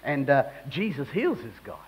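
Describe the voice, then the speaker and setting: A male preacher delivers a sermon. His voice is slightly husky and sits at a middle pitch. He talks conversationally and pushes hard on key points. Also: big pitch swings, moderate pace, low-quality recording. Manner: conversational, rising to emphatic bursts.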